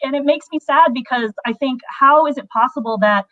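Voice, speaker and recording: A woman's voice: high-pitched, a little fast, a bit bright, no room sound, lo-fi sound. A Filipino American woman in a casual livestream discussion, speaking earnestly and with emphasis. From United States. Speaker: panelist.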